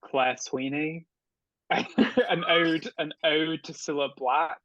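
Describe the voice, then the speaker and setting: Liverpool man, casual panel chat, bright tense tone, halting restarts, muffled dry recording. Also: a little high, fairly even intonation, no room sound. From England. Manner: hesitant, many restarts. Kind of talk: casual discussion.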